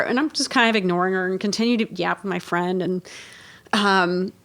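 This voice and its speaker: A woman in her forties, an interview guest, telling a funny story in an animated, laughing way and swearing freely. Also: medium pitch.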